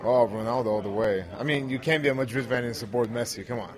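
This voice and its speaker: A man gives short, confident, matter-of-fact answers. His voice sits mid-pitch for a man. He is recorded outdoors, with a loud crowd clearly audible behind him. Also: quick pace. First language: Bulgarian. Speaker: interview guest, pro wrestler. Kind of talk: casual interview.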